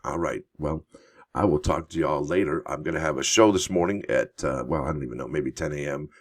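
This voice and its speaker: Man, very deep voice, husky, casual host commentary, rambling asides. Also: brisk. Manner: rambling, chatty asides, thinks aloud. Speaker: coin and bullion channel host. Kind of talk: casual commentary while reading news on screen.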